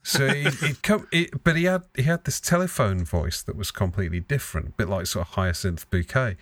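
A man's voice: lowish voice, expressive, fairly quick, fairly bright tone, no echo. A man hosting a casual podcast chat, joking and swearing freely. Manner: sweary, self-mocking. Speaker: podcast host.

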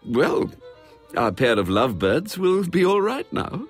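A man voicing a fussy, self-satisfied elderly English gentleman who talks in a prim, fluttery way. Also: a little high, big pitch swings, unhurried, husky, soft background music, pitched above the performer's own voice, full character voice. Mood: smug. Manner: prim, fluttery, pleased with himself.

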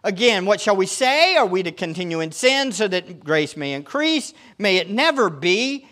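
A man's voice: sits high, big pitch swings, moderate pace, a bit bright. A male pastor preaching a sermon, emphatic and fond of putting rhetorical questions to his congregation.

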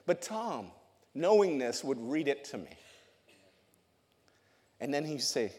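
A male youth pastor giving a testimony sermon to his congregation in a church, telling his story in a lively way, often laughing and repeating words. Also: medium pitch, slow pace, husky. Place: church sanctuary. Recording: long hall reverb.

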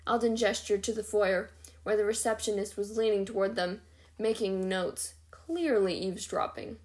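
Woman reading a book chapter out loud, steady and even, mid voice. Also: mid-range voice, normal speed. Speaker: reader.

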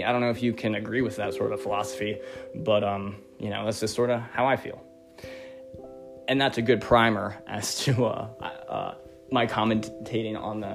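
A man talks in a lowish voice, rambling through his casual commentary with plenty of fillers and now and then breaking into a profane rant. Guitar music plays clearly behind him. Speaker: commentary host.

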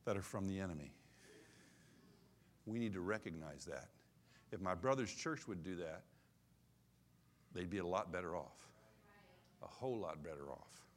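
A man in his sixties preaching a sermon in an animated, conversational way, repeating his key phrases. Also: deep voice, slight background noise. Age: 60s. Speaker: pastor.

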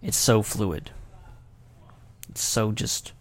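A man's voice: fairly low pitch, very slow, no echo. A man hosting his own podcast, chatting casually in a rambling, self-deprecating, jokey way. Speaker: podcast host. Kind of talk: casual livestream chat.

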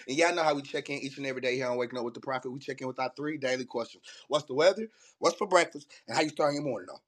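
A man hosting a casual morning podcast, animated and emotional, with preacher-like calls of amen. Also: fairly high pitch. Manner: animated and emotional, laughs often; preacher-like call and response. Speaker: podcast host. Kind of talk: casual morning show talk.

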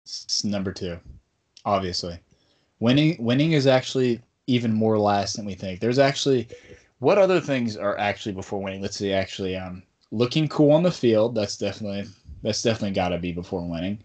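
A man's voice: on the low side, expressive, moderate pace, a little mellow. A man hosting a casual sports podcast, talking in a rambling, bantering way. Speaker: podcast host.

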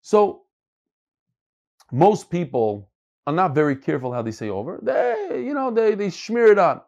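A man's voice: high-pitched, huge pitch swings, measured pace, vocal fry, a little mellow. A man teaching a Talmud class, reading passages aloud and explaining them, often repeating words as he searches for phrasing.

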